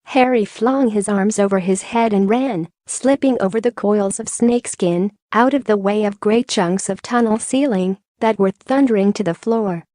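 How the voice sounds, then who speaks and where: A woman reading an audiobook in measured, even storytelling narration. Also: mid-range voice, dry recording, studio quality. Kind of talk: scripted narration.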